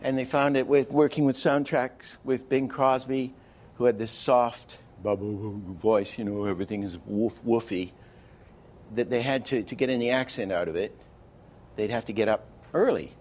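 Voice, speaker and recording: A man's voice: medium pitch, fairly even intonation, moderate pace, a little mellow. A man giving an animation masterclass lecture, explaining with false starts and counting frames aloud. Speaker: animation teacher.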